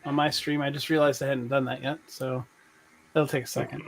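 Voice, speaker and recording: A man chatting casually as a regular guest, halting and repeating himself with lots of fillers. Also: medium pitch, level tone, creaky, a little hiss or hum. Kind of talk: casual live-stream chat.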